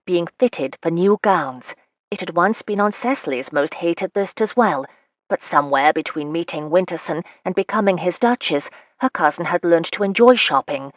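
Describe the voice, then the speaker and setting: A woman narrating a romance novel as an audiobook, giving the characters' dialogue small lifts in pitch. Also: lively intonation, moderate pace, dry recording, highs cut off.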